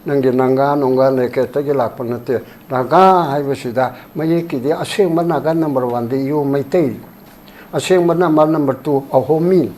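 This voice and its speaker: An older man being interviewed about politics, speaking rapidly and emphatically, sometimes quoting documents in English. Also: mid-range voice, darkish tone, slight background noise. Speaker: former human rights commission chairperson, interview guest.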